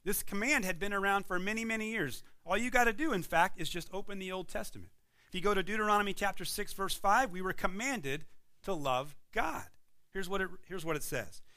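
A man preaching a sermon as pastor, building emphatic points and dropping to quiet moments. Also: sits high, brisk. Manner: emphatic preaching with rising and falling intensity.

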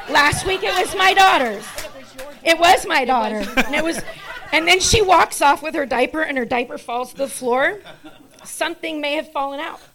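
A pastor's wife making chatty announcements and thank-yous to the congregation in a church hall. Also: female voice, high-pitched, animated, moderate pace, sharp tone, a faint crowd.

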